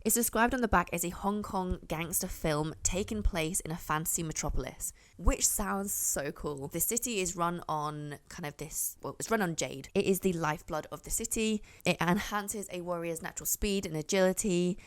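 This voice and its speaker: A woman's voice: lowish voice, normal speed, few pauses. A young woman chatting casually to camera as a book reviewer, rambling and often correcting herself.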